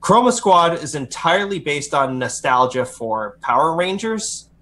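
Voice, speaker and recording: A man's voice: a little high, a little slow. A man co-hosting a gaming podcast, chatting casually and rambling through game opinions. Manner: rambling, self-correcting, animated impressions. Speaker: podcast co-host.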